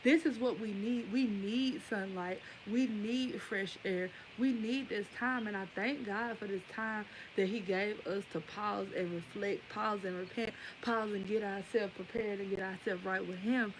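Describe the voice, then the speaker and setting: A woman in her twenties, a vlogger, delivers a rambling, emphatic opinion rant straight to her viewers. Her voice is mid-range and steady, unhurried with few pauses. The background is noisy.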